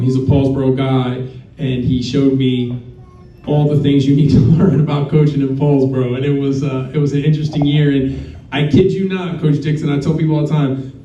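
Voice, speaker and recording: A man's voice: on the high side, dark tone. A man giving a rambling, self-deprecating hall of fame acceptance speech as a coach. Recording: roomy, distant, muffled.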